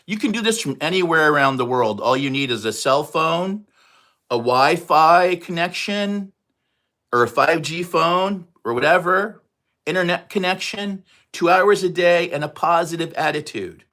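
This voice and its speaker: A man in his sixties with a New York accent, chatting casually and fast on a livestream. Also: a little high, expressive, bright, forceful tone. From New York area, USA. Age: 60s. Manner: fast, chatty, reads out viewer comments. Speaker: livestream host.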